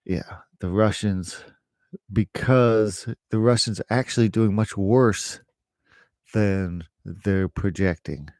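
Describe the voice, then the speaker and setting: A man's voice: fairly low pitch, slow, a little mellow, no echo, studio quality. A middle-aged man, an English teacher, chatting casually to camera in a rambling way, with fillers and laughs.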